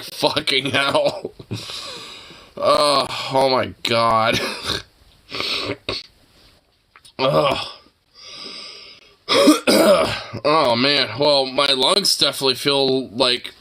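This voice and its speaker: A man's voice: fairly high pitch, sharp tone. Young man laughing through tears. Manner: helpless giggling, heavy swearing. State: teary from laughing. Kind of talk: casual laughing reaction.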